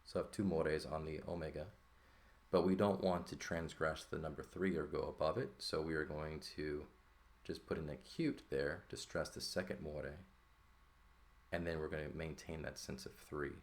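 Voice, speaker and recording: Male teacher, extremely deep voice, patient explainer who checks in with the class. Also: steady tone, moderate pace. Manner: explanatory, checks in with "right?" often. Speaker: Greek teacher. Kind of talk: explaining at a board.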